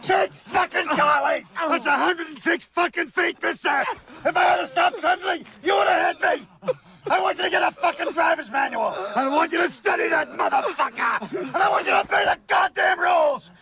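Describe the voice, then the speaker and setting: A man in a blind road-rage fury, screaming a swearing tirade at a tailgater in a film scene. His voice is strained high, bright and piercing. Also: normal speed, a faint crowd, heavily acted. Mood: enraged. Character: furious older man raging at a tailgating driver.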